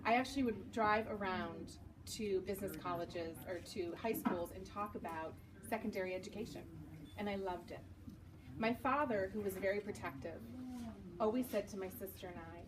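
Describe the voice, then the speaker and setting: In a bookstore's event space, a woman author in her forties speaks briskly at medium pitch, telling stories to a live audience. She acts out the lines she quotes and laughs at herself, and the distant mic picks up noticeable background noise.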